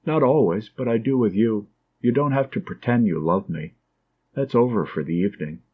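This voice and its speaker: A man's voice: on the low side, normal speed, narrow, tinny audio, lightly acted. A man reading Catherine, a fragile, lovesick young nurse. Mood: wistful.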